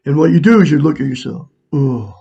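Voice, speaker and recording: A man's voice: on the high side, animated, brisk, vocal fry, mellow, breathy edge, dull audio. A man in his sixties earnestly talking to viewers in a casual, repetitive, preachy monologue. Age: 60s. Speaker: self-help vlogger. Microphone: camera mic, looking into a mirror.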